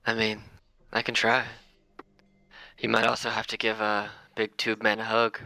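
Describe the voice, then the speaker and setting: A man playing a tabletop game, blunt and quick to laugh. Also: lowish voice, completely flat delivery, vocal fry, bright, forceful tone, no echo, low-quality recording. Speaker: player. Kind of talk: tabletop role-play.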